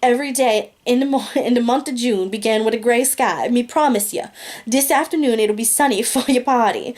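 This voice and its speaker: A woman's voice: a little high, brisk, a little mellow, lightly acted. A woman voicing a sleepy, unbothered Jamaican nanny, attempting a Jamaican patois accent in a drowsy, dismissive tone.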